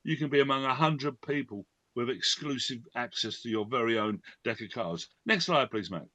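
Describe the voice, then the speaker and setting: A man's voice: medium pitch, animated, normal speed, bright, forceful tone, no room sound. A man hosting an online event presentation, talking with lots of fillers and restarts. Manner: hesitant, many fillers and restarts. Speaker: host.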